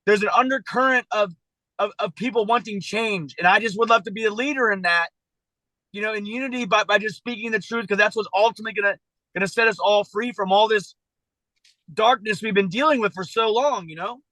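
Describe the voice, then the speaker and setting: A man with a high, bright and forceful voice talks haltingly on a video call, restarting his sentences often. He sounds earnest and emotional, close to tears. The sound is dry and close. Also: dry recording, low-quality recording. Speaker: citizen journalist being coached. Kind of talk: emotional personal talk on a coaching call.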